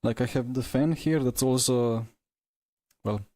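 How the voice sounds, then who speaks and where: A man's voice: medium pitch, a little slow, warm tone, no echo. A man streaming a sim race, out of breath and chatting casually as he talks through the race. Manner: breathless, chatty and reflective after racing. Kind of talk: casual live commentary while sim racing.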